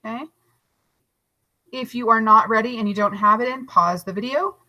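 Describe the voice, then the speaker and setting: Bright teacher lady doing a recorded lesson for kids, patient, drags words out slow to break syllables. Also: on the high side, low-quality recording. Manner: slow, overarticulated syllables and spelling; encouraging, patient teacher talk. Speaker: third grade teacher.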